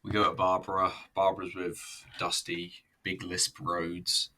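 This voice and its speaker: Deep-voiced blunt man. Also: monotone, a little slow, sharp tone, slight background noise. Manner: blunt, sweary, rambling with restarts. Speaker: wrestling reviewer. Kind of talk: casual commentary over footage.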